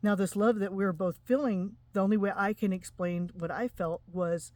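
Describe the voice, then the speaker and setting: A woman's voice: medium pitch, steady tone, darkish tone, no echo. Earnest woman sharing a spiritual story. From Utah, USA. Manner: earnest, emotional, halting with restarts. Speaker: spiritual vlogger. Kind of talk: personal testimony to camera.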